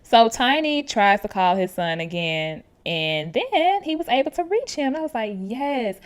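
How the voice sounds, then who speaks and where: Woman, podcast host, casual recap chat, animated, slangy, slightly high voice. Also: measured pace. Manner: animated, laughs often, slangy and expressive.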